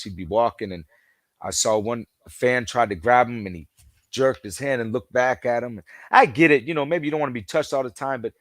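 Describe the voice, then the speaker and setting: A man's voice: on the low side, no echo. Man, podcast guest, casual rambling storyteller, acts out quotes, dry sound. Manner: leans heavily on "you know" fillers. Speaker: podcast guest, football fan. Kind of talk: casual chat.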